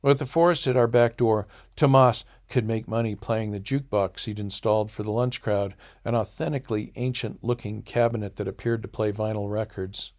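A man reading a first-person story aloud as an audiobook narrator, in a measured, dry storytelling manner. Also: fairly low pitch, steady tone, darkish tone.

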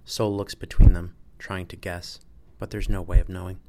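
A man reading a story aloud in an even, measured manner. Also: low voice. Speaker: narrator. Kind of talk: audiobook narration.

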